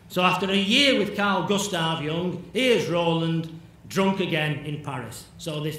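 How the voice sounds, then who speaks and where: A man's voice: fairly high pitch, fairly bright tone. A man giving a conference lecture, telling a story in a chatty way, often asking "yeah?" and acting out imagined dialogue. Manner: conversational, checks in with "yeah?", acts out imagined dialogue. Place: large lecture hall. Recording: echoey hall, distant mic, faint noise.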